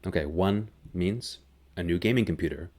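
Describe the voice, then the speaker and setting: A man teaching a grammar lesson, explaining slowly and clearly. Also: deep voice, a little mellow. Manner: slow, clear, deliberate explanation. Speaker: English teacher.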